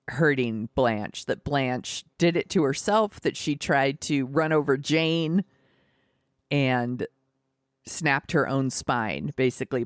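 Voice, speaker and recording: A woman co-hosting a podcast, recapping a film plot in animated, casual chat. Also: low voice, no echo, clean studio sound. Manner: chatty, animated recapping with laughs and fillers. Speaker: podcast co-host. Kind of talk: casual movie discussion.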